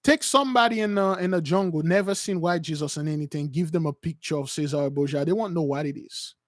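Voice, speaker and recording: A man's voice: fairly high pitch, quick pace, no echo, clean studio sound. A man preaching with passion, acting out quoted voices, with many fillers and restarts. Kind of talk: impassioned religious teaching.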